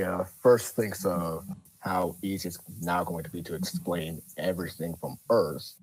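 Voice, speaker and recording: Man, tabletop player, narrates his character, very low voice. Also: steady tone, measured pace, husky, rough recording. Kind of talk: tabletop game chat on a live stream.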